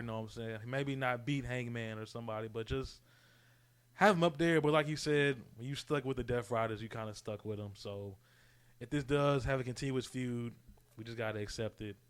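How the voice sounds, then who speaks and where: A man co-hosting a podcast, chatting about wrestling in relaxed slang, often asking "you know what I'm saying?". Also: medium pitch, clear, resonant tone. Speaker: podcast co-host. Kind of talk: casual wrestling predictions chat.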